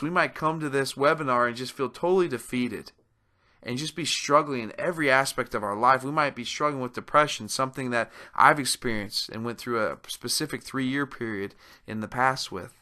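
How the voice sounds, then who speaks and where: Man, webinar presenter, motivational talk, earnest and emphatic, bright tone. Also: medium pitch. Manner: earnest, emphatic, asks rhetorical questions.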